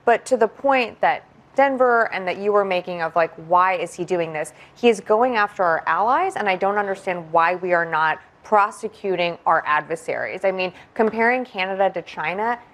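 A woman's voice: medium pitch, lively intonation, normal speed, a bit bright. Pressing woman arguing on a panel. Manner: pressing, argumentative. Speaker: panel guest. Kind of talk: political panel debate.

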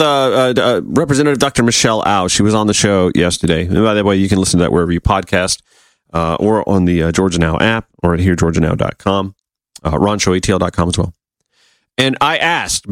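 Sarcastic man hosting a talk show. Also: dry recording. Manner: sarcastic, animated asides with sudden pitch jumps. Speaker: radio talk show host. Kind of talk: political commentary, reading and reacting to a column.

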